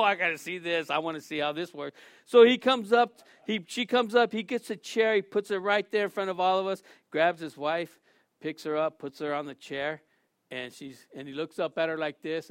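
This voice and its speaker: A middle-aged male pastor delivers a sermon in a high-pitched voice, animated and full of storytelling. He acts out the people in his stories with quick shouts and laughter. The recording is dry and close, with no room echo. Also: smooth.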